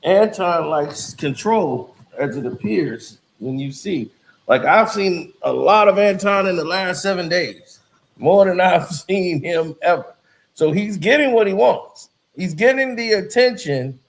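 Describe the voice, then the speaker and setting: A man's voice: high voice, expressive, measured pace, roomy sound, low-quality recording. A man hosting casual commentary in a laid-back, conversational way.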